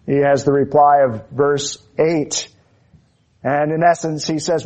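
A man preaching an expository sermon with fervent emphasis, slowing down to stress key phrases. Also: medium pitch, fairly even intonation, a little mellow.

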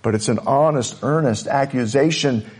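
A pastor preaching a sermon, earnest and emphatic, driving points home with repeated phrases. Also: male voice, mid-range voice, normal speed, husky.

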